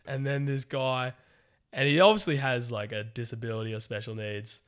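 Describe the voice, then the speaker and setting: A young man co-hosting a casual podcast, swearing often as he tells animated stories. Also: mid-range voice, moderate pace, clear, resonant tone. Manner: crude, swears a lot, animated storytelling. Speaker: podcast co-host.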